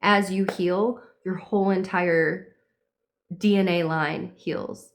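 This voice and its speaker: A woman's voice: lowish voice, steady tone, slow. A young woman giving a casual spiritual reading, meandering and dreamy, with lots of fillers. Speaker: tarot and horoscope reader.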